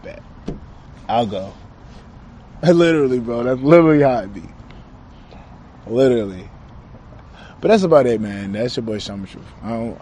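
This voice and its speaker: A man's voice: fairly high pitch, darkish tone, a little hiss or hum. A young man talking casually in a rambling spiritual monologue, slangy and trailing off, recorded outside. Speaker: self-described channeler.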